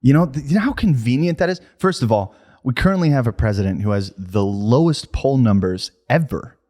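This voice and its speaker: A man's voice: medium pitch, expressive, a little fast, a little mellow. A man co-hosting a comedy podcast, casual and playful, who rants and swears when worked up. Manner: playful, ranting, swears, tries accents. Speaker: podcast co-host.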